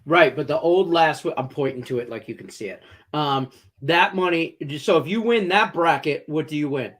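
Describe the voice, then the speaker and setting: A man's voice: on the high side, expressive, moderate pace, a bit bright. A man co-hosting a live betting show, joking and swearing in casual banter. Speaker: co-host.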